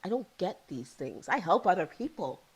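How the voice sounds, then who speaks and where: A woman's voice: fairly low pitch, big pitch swings, normal speed, breathy edge, rough recording. A woman in her thirties or forties, a psychotherapist guest, telling her own story candidly and with feeling, often repeating key phrases. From Ontario, Canada.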